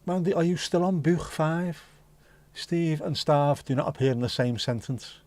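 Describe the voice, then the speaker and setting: A Scouse livestream host with a slightly high, darkish voice chats at a moderate pace in a dry recording. He reads viewer comments in a jokey, rambling way, swearing freely.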